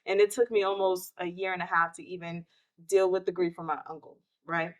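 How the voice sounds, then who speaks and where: A woman, hosting a podcast and telling a personal story of grief in an emotional, animated way. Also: lowish voice, brisk. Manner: emotional, animated retelling with quoted outbursts. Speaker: podcast host.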